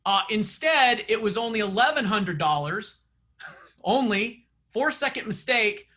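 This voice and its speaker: A man's voice: high-pitched, animated, measured pace, bright, forceful tone. A man coaching a group of real estate agents in a casual session, chatty and storytelling, laughing often, recorded in an online meeting.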